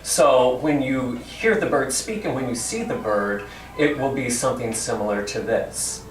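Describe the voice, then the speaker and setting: A man's voice: mid-range voice, a little slow. A male actor explaining to children, in a friendly way, how he plays each character. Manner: friendly, explanatory, with some hesitant fillers. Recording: roomy hall from a distance, faint music.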